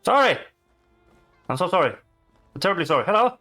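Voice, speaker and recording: A man giving casual, excitable commentary while playing a video game, swearing and chatting to the animals he meets. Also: sits high, a little fast, soft background music. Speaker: gaming streamer.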